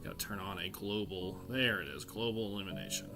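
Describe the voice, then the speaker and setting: A man running a tabletop game as game master, talking in a casual, relaxed way. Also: low-pitched, brisk, faint music behind. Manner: casual, relaxed, chatty with fillers.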